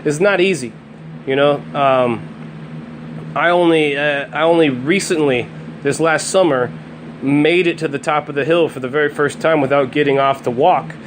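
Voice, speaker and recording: A man in his thirties hosts a podcast, delivering a blunt solo rant packed with constant swearing and frequent stumbles and restarts. His voice is a little high and his pace normal. The audio is poor, with slight background noise.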